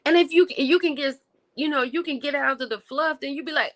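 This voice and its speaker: A woman hosting a livestream, chatting casually with her viewers and reacting with lively exclamations. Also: high voice, brisk. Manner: animated and expressive, with exclamations; talks to viewers directly, reading and answering chat. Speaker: livestream host reviewing TV and film.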